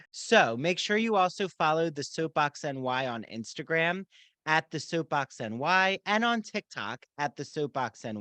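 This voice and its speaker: A man's voice: on the high side, fairly bright tone, no room sound. A man hosting a podcast, reading sponsor ads in an upbeat, enthusiastic way. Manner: upbeat, enthusiastic promotional delivery. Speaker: podcast host. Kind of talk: read podcast ad.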